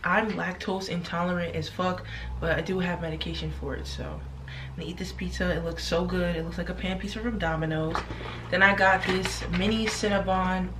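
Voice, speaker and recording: A woman's voice: on the low side, distant mic, background noise. A young woman telling a story casually while eating in her bedroom, blunt and chatty, swearing freely. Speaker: vlogger.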